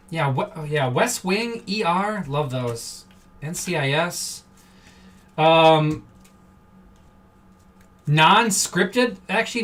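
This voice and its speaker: A rambling, easily amused card-break host from Wisconsin chats away on a live stream. The voice sits at a middle pitch. It is picked up from a little way off, with a faint hum of room noise underneath. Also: a bit bright, far from the mic. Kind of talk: live-stream casual chat. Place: indoor room.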